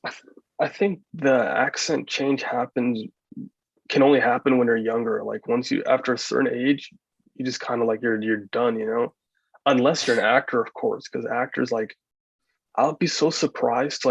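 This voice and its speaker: East Coast American male host, even husky voice, muffled lo-fi mic. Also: medium pitch, no echo. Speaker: podcast host. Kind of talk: casual chat.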